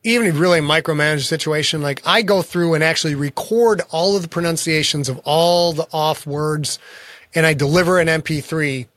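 A man's voice: on the high side, a little fast, a bit bright, no echo. Man, author guest, casual interview, frank, self-deprecating, dry close sound.

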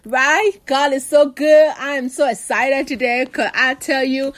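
A woman's voice: high-pitched, fairly even intonation, unhurried. A woman preaching a fervent sermon, repeating key phrases and calling out to her listeners for response.

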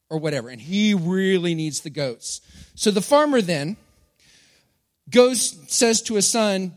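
A man's voice: on the high side, big pitch swings, moderate pace. A middle-aged man from Texas, preaching a sermon to a congregation in a playful, joking manner. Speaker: pastor. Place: church hall. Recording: long hall reverb.

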